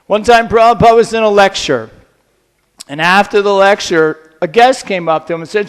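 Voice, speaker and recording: A man giving a humorous storytelling lecture, playful and animated, drawing the audience in. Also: high voice, moderate pace, clean tone.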